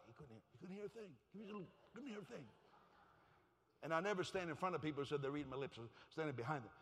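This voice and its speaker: A man's voice: a little high, expressive, fast, gravelly, pushed and bright. A man preaching a sermon as pastor, telling a personal story in a conversational, self-deprecating way to his congregation. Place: church. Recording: long church hall reverb.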